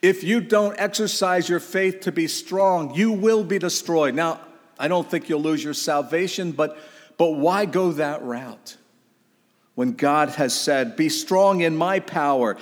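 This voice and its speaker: A man's voice: on the high side, in a large hall. A man preaching a sermon, emphatic and exhorting, with casual asides to the congregation. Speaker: pastor.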